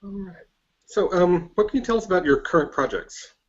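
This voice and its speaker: A male host who throws out short, brisk questions at a fast clip. His voice sits a bit high for a man. He sounds distant and muffled through a lo-fi microphone. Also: animated. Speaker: podcast host. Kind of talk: casual interview. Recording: distant, dull lo-fi mic.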